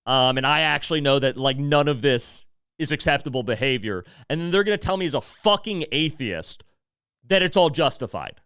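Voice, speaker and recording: Brief: a blunt, swearing male podcast host on a heated rant, with a smooth, fairly high voice. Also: animated, moderate pace, a bit bright, dry recording, studio quality. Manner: heated, profane and blunt, with apologetic asides. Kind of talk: casual opinion rant.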